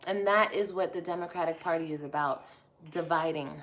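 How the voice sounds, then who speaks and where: A woman's voice: lowish voice, fairly quick, fairly bright tone. A woman vlogger ranting on a livestream, blunt, profane and passionate, reading and answering viewer comments. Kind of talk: livestream rant.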